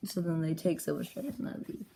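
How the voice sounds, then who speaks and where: A woman excitedly retelling the story of her own comic journal in a rambling, casual way, jumping into brief character voices. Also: low-pitched, fast talker, vocal fry, a little hiss or hum.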